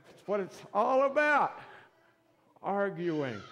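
A male pastor preaching a sermon in a church, slow and emphatic, swinging between loud and soft. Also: a little high, animated. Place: church sanctuary. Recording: long reverb of a church hall.

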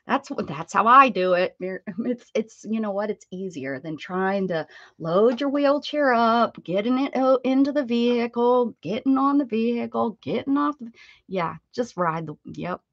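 A woman's voice: a little high, animated, measured pace, no echo, muffled recording. A woman hosting an art livestream, chatting playfully with viewers, laughing often and singing a short welcome jingle. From United States. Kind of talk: casual chat greeting viewers.

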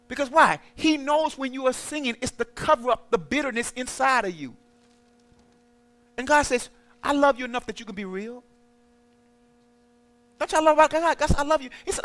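A man preaching to a congregation in a lively call-and-response style, acting out quoted voices as he goes. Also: extremely high pitch, a little fast, long pauses. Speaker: pastor.

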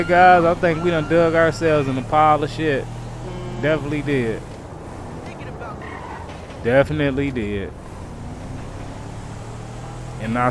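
A man streaming a crime roleplay game, talking in character to his viewers in heavy slang and frequent swearing, swinging between low grumbles and loud outbursts. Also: noisy background. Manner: slangy, swears a lot, keeps calling out to viewers.

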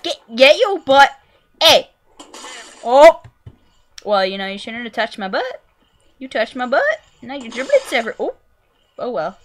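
A young woman commentating her own gameplay, goofy and excitable, yelping and squealing at what happens on screen. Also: high voice. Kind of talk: let's play commentary.

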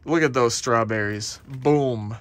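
A man chatting through a casual outdoor vlog, excitable and chatty, with a playfully stubborn streak. His voice sits at an ordinary middle pitch. Clear background noise runs behind him outside. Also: slow. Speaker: dumpster diving vlogger. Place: outdoors at a dumpster.

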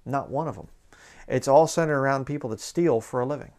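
Pastor guy ranting on video, bit of fry in his voice, dry sarcastic chatty tone. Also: medium pitch, fairly quick, darkish tone. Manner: sarcastic, conversational, reads aloud from sources. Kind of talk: sermon-like video commentary.

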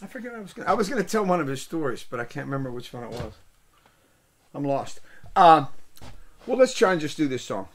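A man's voice: on the high side, very animated, fast talker, pauses often. An older man hosting a show, telling salty, rambling anecdotes that lose the thread. He laughs at his own stories. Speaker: show host and musician. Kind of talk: rambling storytelling chat.

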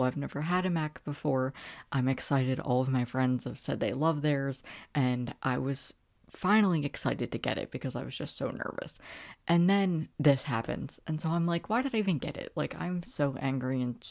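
Very low-voiced chatty woman podcaster. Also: a little mellow. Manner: chatty, exasperated storytelling with frequent fillers. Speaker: podcast host. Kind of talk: casual rambling monologue.

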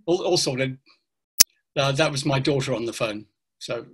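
A man's voice: mid-range voice, measured pace, husky. An older man talking playfully about teaching pronunciation as the guest of a video call interview, acting out classroom instructions. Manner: playful, animated, acts out classroom lines. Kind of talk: casual interview talk.

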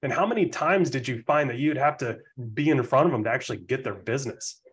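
A man hosts a podcast interview in a casual, enthusiastic way. His voice sits at an average pitch, and he keeps the conversation moving with quick follow-up questions. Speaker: podcast host.

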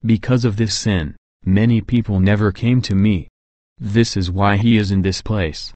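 A man voicing Jesus as a calm, fatherly guide, speaking gently and solemnly in a scripted reading. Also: on the low side, moderate pace, no room sound, close to an everyday voice.

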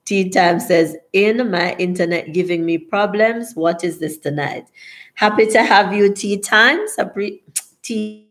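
A woman's voice: mid-range voice, unhurried, fairly bright tone. A woman with a Jamaican accent hosting a casual live stream, reading viewers' comments aloud in a chatty way and laughing often. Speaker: livestream host.

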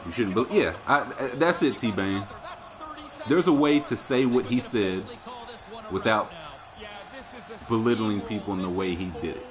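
Speaking unhurriedly with long pauses, this man's voice sits on the low side as he streams a hockey game, chatting in a relaxed, animated way and cursing often. The game's crowd and commentary can be heard in the background.

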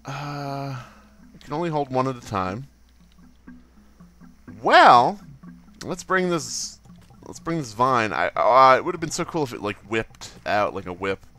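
A man's voice: medium pitch, lively intonation, measured pace, pauses often, sharp tone, soft background music. Goofy man narrating his gameplay. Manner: goofy, muttering, swears, silly sound effects. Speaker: let's play host. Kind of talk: casual game commentary.

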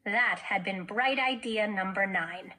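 A woman teacher reading a children's novel aloud in an expressive storytelling manner. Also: medium pitch, measured pace, poor audio.

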